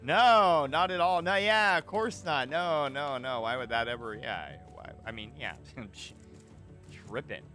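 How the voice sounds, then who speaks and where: A man streaming a survival game, giving animated, swear-laden commentary and chatting with his viewers. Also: medium pitch, moderate pace, few pauses, faint music behind. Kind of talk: live gameplay commentary.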